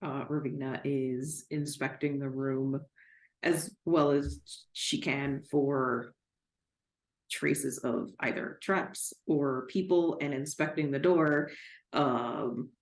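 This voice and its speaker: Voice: medium pitch, fairly even intonation, slow pace. A tabletop player describing a character's actions in a rambling way with fillers. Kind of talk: casual tabletop play. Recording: roomy echo.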